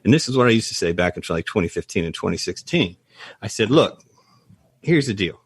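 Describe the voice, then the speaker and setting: A man guesting on a business podcast, an animated storyteller who explains through analogies. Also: on the low side, brisk, breathy edge, no room sound, clean studio sound. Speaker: guest, practice valuation advisor. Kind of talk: podcast interview.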